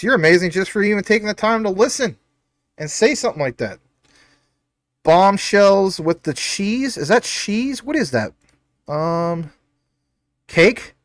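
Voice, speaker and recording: A man's voice: high-pitched, a bit bright, dry recording. Upbeat, chatty male livestream host. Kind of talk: casual livestream, reading chat comments.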